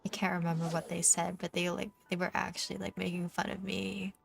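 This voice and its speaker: A young Canadian woman VTuber, speaking with a Canadian accent, chats with her viewers in a casual, teasing way while she games, her talk packed with fillers. Her voice is fairly low, creaky and flat, and she speaks fairly quickly. Faint music plays in the background.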